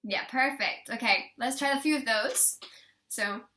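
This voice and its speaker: A young woman teaching a singing lesson, encouraging her students and demonstrating warm-up lines for them to copy. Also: a little high, unhurried.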